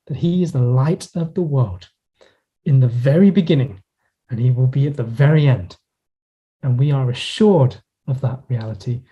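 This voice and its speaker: A male pastor preaching a sermon in an earnest, reflective way, slowing down and pausing to stress key words. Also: mid-range voice, warm tone, breathy edge, muffled recording. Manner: earnest, reflective preaching with pauses and slowed emphasis. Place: church in Hong Kong.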